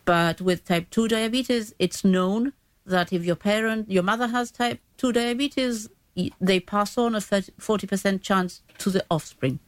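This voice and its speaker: A woman talks through health facts patiently, circling back and restarting her sentences as she goes. Her voice sits at a middling pitch. The sound is close and dry, with no room around it. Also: normal speed, no room sound. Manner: explains patiently with frequent restarts. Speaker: diabetes educator guest. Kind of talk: explanatory radio chat.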